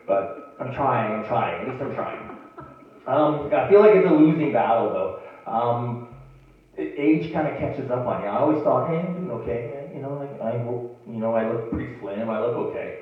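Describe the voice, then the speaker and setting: Middle-aged guy doing standup, lively pitch, far off tinny mic in a boomy theatre. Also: moderate pace. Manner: animated storytelling with loud outbursts. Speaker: stand-up comedian. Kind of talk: stand-up comedy set. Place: small theatre stage. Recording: far-off phone-like audio in echoey room. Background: audience laughter.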